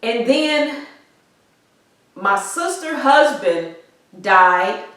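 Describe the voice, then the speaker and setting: Woman vlogging, slow and halting, kinda far from the mic in a super echoey room. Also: on the high side, lively intonation, a bit bright. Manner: halting, repeats herself, grieving but pushing on. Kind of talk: personal vlog, emotional storytelling. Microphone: weak built-in microphone.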